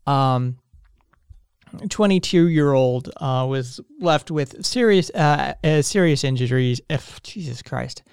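A man's voice: mid-range voice, clear, resonant tone, no echo, studio quality. Tired, meandering male podcast host. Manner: meandering, frequent fillers and restarts, swears casually. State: tired, yawning. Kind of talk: casual rambling monologue.

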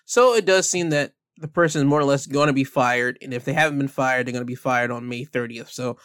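A man's voice: mid-range voice, a little fast, a bit bright, smooth, dry recording, clean studio sound. A man giving a blunt, heated opinion rant as a commentator, speaking emphatically.

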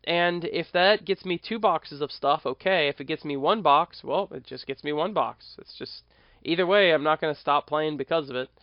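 An American podcast host from the United States talks in a fairly high voice at a moderate pace. His casual monologue rambles conversationally, often correcting itself mid-sentence. The recording is muffled but has no echo.

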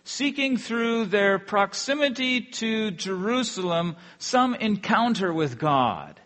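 A male pastor delivers a sermon in an earnest, measured way. His voice sits slightly high, and he lets each phrase sink quietly at the end. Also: lively intonation. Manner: earnest, drops softly at phrase ends.

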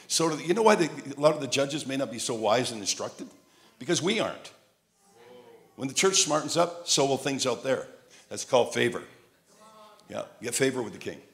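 Joking older male preacher from Montreal. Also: medium pitch. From Montreal, Canada. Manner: humorous storytelling, shouting up to loud emphatic peaks. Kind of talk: sermon.

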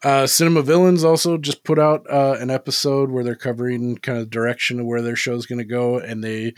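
A man's voice: medium pitch, little pitch movement, brisk, no room sound, studio quality. A man co-hosting a podcast in casual chat, laid-back, swearing freely and full of "like" fillers. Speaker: podcast co-host.

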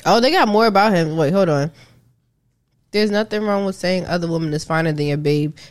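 A woman's voice: on the low side, a little fast. A woman co-hosting a casual chat, blunt and mocking, often laughing. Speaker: podcast co-host.

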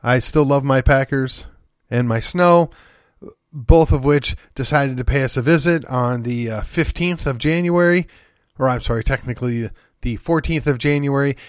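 A man's voice: mid-range voice, moderate pace, clear, resonant tone, dry recording, studio quality. A man from Wisconsin hosting his own podcast, delivering an opinionated political monologue in a folksy, emphatic, sardonic way. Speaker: podcast host.

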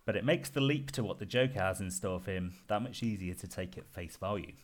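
A British podcast host with a low voice and slightly quick delivery leads a panel, blending casual chatter with scripted segments. He's wry, laughs often and drops dry asides.

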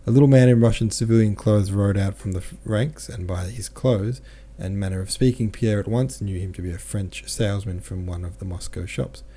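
A man narrating a classic novel as an audiobook reader, in a measured, steady manner. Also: lowish voice, husky.

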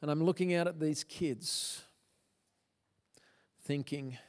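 A man's voice: a little high, slow, pauses often. A middle-aged man giving an earnest, emotional testimony to a church audience, with stumbling restarts. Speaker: guest speaker. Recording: long hall reverb.

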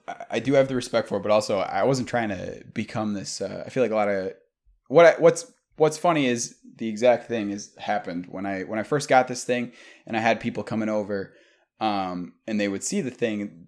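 A young man telling stories in a casual, profane chat with a friend. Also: on the low side. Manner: profane, animated storyteller.

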